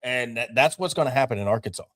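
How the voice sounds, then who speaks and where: Male co-host, casual sports show; opinionated, energetic, bursts of speed. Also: mid-range voice. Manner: animated and opinionated, quick bursts. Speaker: podcast co-host.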